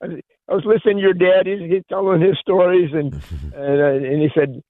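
An older man calling in to a radio show, telling jokes with frequent chuckles and halting restarts. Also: high-pitched, animated, dry recording. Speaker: caller. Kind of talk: casual call-in chat. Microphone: phone. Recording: tinny phone line.

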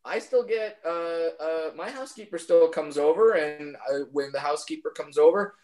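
A man's voice: fairly high pitch, moderate pace, a little mellow. A male comedian chatting casually on a podcast, rambling and incredulous. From United States.

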